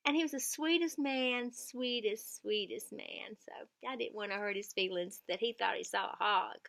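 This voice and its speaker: A woman's voice: mid-range voice, moderate pace, creaky, a bit bright. A middle-aged woman, giving earnest caregiving tips in a casual vlog and repeating words for emphasis.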